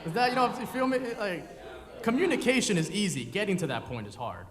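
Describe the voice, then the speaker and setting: A man's voice: high voice, lively intonation, fairly quick. A young man performing a confessional, rambling, self-deprecating comedy monologue live on stage. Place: performance venue in front of an audience. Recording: live hall reverb with room noise.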